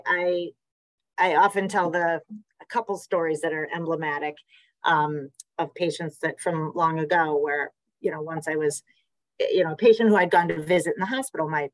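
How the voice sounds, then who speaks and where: A woman psychiatrist with an American accent gives a conversational webinar talk over a video call, full of fillers and restarts. Her voice is low, and the recording is dry and rough.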